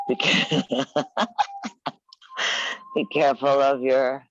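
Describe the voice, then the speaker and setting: A woman teaching a live yoga class, giving unhurried, coaxing cues and teasing her students by name. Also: sits low, dull audio, faint music behind. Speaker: yoga instructor.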